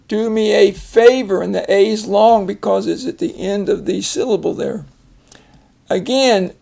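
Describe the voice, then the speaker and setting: An older man teaching a phonics lesson, explaining each word slowly and patiently. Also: sits high, creaky, a little mellow. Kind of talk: casual reading lesson.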